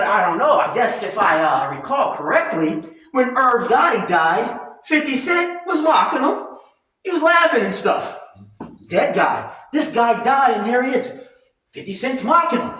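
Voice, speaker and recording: A man giving a loud, profane, heated rant as commentary while he works out, talking from a distance with no clip-on mic. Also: extremely high pitch. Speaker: commentary vlogger. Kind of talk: ranting commentary while working out. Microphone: no clip-on mic, distant from the recorder. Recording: echoey room, far from the mic.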